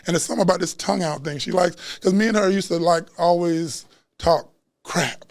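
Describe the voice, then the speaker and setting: A man who works as a chef and Reiki practitioner, chatting as a guest at a live podcast taping in a bookstore and telling stories in an animated, slangy way. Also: sits high, fairly quick, no room sound, studio quality. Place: bookstore event space.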